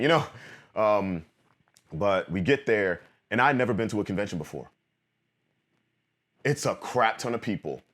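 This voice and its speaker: A man in his thirties telling a personal story in an animated vlog monologue, acting out old conversations. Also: on the low side, a little fast, pauses often. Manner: animated, quotes friends in acted-out bits. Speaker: vlogger.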